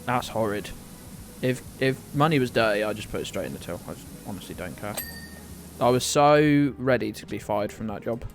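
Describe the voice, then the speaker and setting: A man's voice: lowish voice, lively intonation, brisk, faint music behind. A British man chatting casually on a live game stream, rambling, laughing often and talking to his dog. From United Kingdom.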